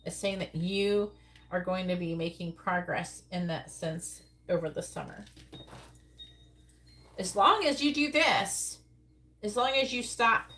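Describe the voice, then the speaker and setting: A woman's voice: medium pitch, a bit bright, slight background noise. A woman giving a live-stream tarot reading, talking bluntly in a rambling way and swearing casually. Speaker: tarot reader.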